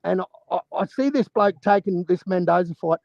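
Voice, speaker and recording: A man's voice: high voice, brisk, vocal fry, a little mellow, dry recording. A man with an Australian accent, talking in a blunt, profane, insistent way during a heated casual debate on an online call. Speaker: panel guest, boxing fan. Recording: muffled lo-fi call audio.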